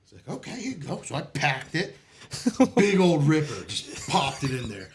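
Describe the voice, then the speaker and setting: A man's voice: a little high, normal speed. A man spins rowdy service stories in a casual podcast chat, his voice leaping up and down as he goes. He swears freely and keeps breaking into laughter. A faint hiss sits under the recording. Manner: animated, profane, laughs often while telling stories. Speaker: podcast guest telling war stories.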